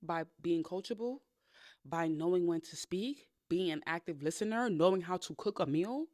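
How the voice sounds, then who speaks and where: A woman hosting a podcast, giving candid dating advice in a blunt, sassy, profane big-sister way with animated storytelling. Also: lowish voice, moderate pace, no echo, studio quality. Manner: animated storytelling with playful quoted voices. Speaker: podcast host.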